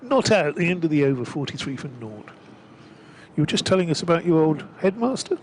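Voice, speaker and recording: A man's voice: a little high, sing-song, fairly quick, slight background noise. A man giving live, rambling cricket commentary with lots of fillers, from a gazebo at the ground. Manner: chatty, rambling with frequent fillers.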